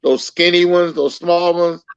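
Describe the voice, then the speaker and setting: A man talking casually as a guest, explaining things in a relaxed way with a few repeats. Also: high-pitched, unhurried, creaky, clean tone, lo-fi sound. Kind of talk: casual chat.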